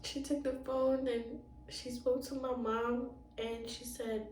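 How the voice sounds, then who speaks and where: A woman telling an emotional personal storytime, halting and repeating phrases for emphasis. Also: on the high side, completely flat delivery, mellow, a little hiss or hum. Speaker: relationship wellness coach. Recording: roomy sound from a distant mic.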